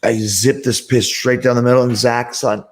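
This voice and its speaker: A man's voice: mid-range voice, normal speed. Profane storytelling male host. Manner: animated, profane anecdote telling. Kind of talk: casual storytelling.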